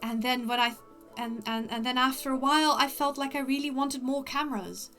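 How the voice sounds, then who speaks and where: A woman livestreamer putting on the voice of a prim, posh upper-class lady, with formal, deliberate diction. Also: sits high, fairly even intonation, fairly bright tone, faint music behind.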